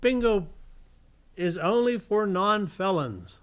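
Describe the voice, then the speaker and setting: A man's voice: high voice, expressive, slow. A man with a slightly raised voice hosts a community television fact show from a studio. He reads trivia off slides in a chatty way, now and then tripping over a word and fixing it. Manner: reads from slides, stumbles and corrects himself. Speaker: host. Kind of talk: reading fun facts on a community TV show.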